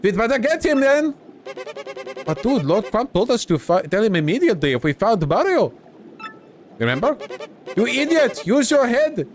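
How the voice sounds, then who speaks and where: A man's voice: moderate pace, long pauses. A man voicing dopey young male enemy foot soldiers who talk in surfer-dude slang while he reads game dialogue aloud. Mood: bickering. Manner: squeaky, excitable, bickering.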